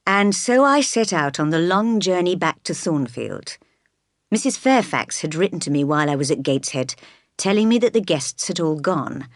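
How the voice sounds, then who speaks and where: A woman reads a classic novel aloud in a calm, measured way, pitched a little low. The sound is close and dry, with no room around it. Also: dry recording. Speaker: narrator. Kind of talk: scripted audiobook narration.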